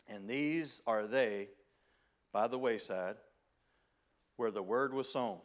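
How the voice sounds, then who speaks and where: A man preaching a sermon as pastor, with a Southern country accent, reading scripture in old-style wording and swinging between loud emphasis and hushed pleading. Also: lowish voice, takes it slowly. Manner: folksy preaching, reads King James scripture.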